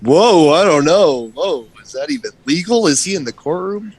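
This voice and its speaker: A man's voice: on the high side, lively intonation, normal speed, husky, soft background music. A man co-hosting a livestream who chats casually with an incredulous, laid-back manner. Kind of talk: casual chat commentary.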